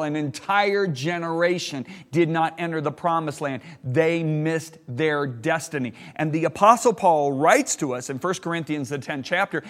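Emphatic preacher man, long reverb. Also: fairly bright tone. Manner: emphatic, slows for key words, bursts up in pitch when worked up. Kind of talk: sermon.

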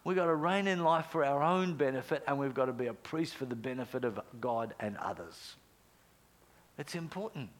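Earnest preacher, animated and hushed. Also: male voice, mid-range voice. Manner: earnest storytelling, animated bursts, drops to near whisper for prayers. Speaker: pastor. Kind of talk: sermon.

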